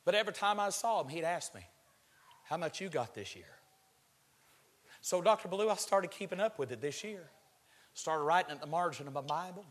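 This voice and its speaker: A male preacher delivering a sermon, swinging from low murmurs to shouted, drawn-out climaxes. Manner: stretches words for emphasis. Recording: long hall reverb.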